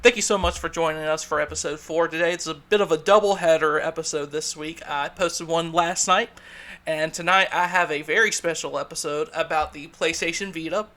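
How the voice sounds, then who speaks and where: Southern male podcast host, bright slightly high voice, upbeat casual delivery. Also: steady tone, brisk.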